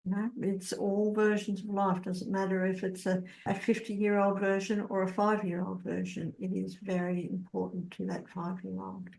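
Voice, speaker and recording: A woman's voice: medium pitch, flat delivery, moderate pace, gravelly, few pauses, darkish tone. A woman host asking affirming, eager questions in an interview. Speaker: podcast host. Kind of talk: interview hosting. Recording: roomy echo.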